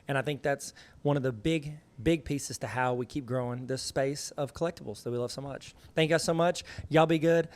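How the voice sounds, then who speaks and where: A man with a Southern US accent hosts a casual conversation, telling stories with enthusiasm. His voice is mid-range and a little mellow.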